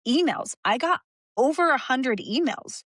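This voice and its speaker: A woman speaking as a podcast guest in an open, emotional way, often restarting her sentences and laughing softly. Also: sits high, animated, measured pace, no room sound, studio quality. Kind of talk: candid conversational interview.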